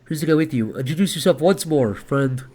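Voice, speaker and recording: A man's voice: on the high side, expressive, brisk, darkish tone, husky. A young man live-streaming at his computer, rambling casually as he thinks aloud, full of fillers and restarts.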